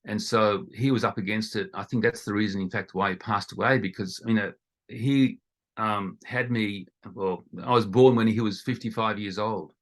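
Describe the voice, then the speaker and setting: Low-voiced Australian man, rambling. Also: fairly even intonation, moderate pace. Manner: rambling, with frequent restarts and fillers. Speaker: guest, ESL teacher. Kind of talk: conversational interview.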